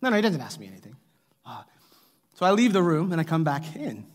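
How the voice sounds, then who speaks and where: The sermon comes from a middle-aged pastor whose voice runs on the high side, sing-song and a little fast. His humorous family stories echo through a church hall with long reverb, and he invites the congregation to call out replies.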